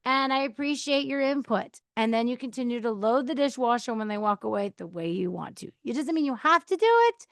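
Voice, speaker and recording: A woman's voice: fairly high pitch, lively intonation, fast, vocal fry, few pauses, no echo, studio quality. A woman hosting a podcast, talking casually about choosing peace, acting out quoted replies and laughing now and then. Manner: chatty, acts out quoted replies, laughs often. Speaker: podcast host. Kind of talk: casual advice monologue. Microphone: mic on a counter.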